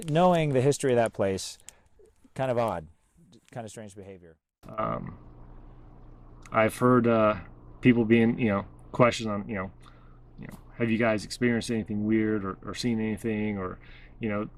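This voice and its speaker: A man casually telling a story about his outdoor research, halting and full of "uh" and "you know". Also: on the low side. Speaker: bigfoot researcher vlogger.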